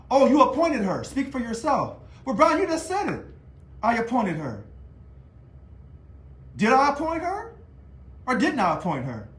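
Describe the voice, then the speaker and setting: A man talking to camera in a casual video monologue about his union work, animated and taunting, full of rhetorical questions. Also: very high-pitched. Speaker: union leader. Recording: echoey room.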